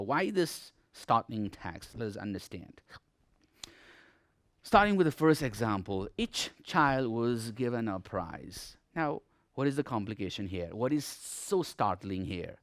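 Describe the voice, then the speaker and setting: A man's voice: mid-range voice, no echo, studio quality. A man teaching a grammar lesson in Nepali-accented English, explaining step by step and often saying "okay" as he stresses key words.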